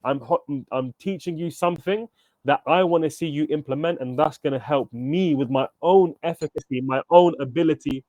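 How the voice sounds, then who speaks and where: Over a computer mic, a man runs a live online workshop, energetic and encouraging, calling on participants by name and checking in with "okay?" and "right?" His voice is on the high side, his pace is moderate, and the recording is dry.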